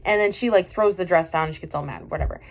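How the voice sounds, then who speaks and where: A woman's voice: lowish voice, fast talker. A woman reviewing a drama in a casual, exasperated and sarcastic rant, full of fillers and restarts.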